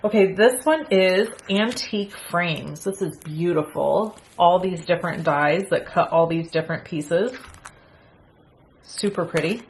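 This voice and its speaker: Chatty woman crafter, low and unhurried. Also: a little hiss or hum. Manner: chatty and excitable, gasps at pretty items. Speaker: crafting channel host. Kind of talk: casual unboxing chat.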